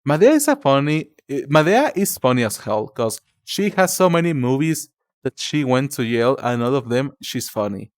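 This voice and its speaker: A young man with a Spanish accent chats to his viewers on a live stream, his pitch swinging high and low. He restarts his sentences a lot and calls people cutie and darling. The sound is dry and close, with no room around it. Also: big pitch swings, normal speed, no room sound. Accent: Spanish-speaking. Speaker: livestreamer. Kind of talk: casual stream chat.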